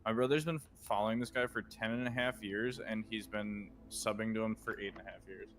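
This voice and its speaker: A man's voice: lowish voice, fairly even intonation, fairly quick, a bit bright. A man chatting casually with friends about his brother.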